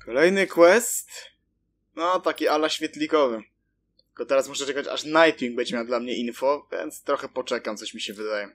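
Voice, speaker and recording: A man's voice: medium pitch, a little fast, fairly bright tone. A man giving casual, chatty gameplay commentary, talking to himself with mild swearing. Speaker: let's play commentator.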